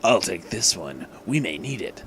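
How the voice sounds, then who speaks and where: Man doing a low, gruff, brooding hedgehog, quiet storybook voice. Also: big pitch swings, moderate pace, noisy background, full character voice.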